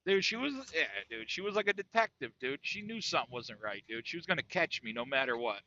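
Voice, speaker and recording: A man in his forties hosting a podcast, telling a story in a casual, profane, animated way, saying "dude" constantly. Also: a little high, quick pace, a little hiss or hum. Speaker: podcast host. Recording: dull lo-fi dry recording.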